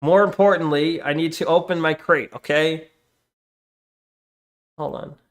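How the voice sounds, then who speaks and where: A male streamer with a slightly high voice talks casually as he goes through chat. He breaks off often, restarts sentences and keeps telling viewers to hold on. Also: steady tone, measured pace. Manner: distracted, reads chat aloud, many restarts and "hold on"s.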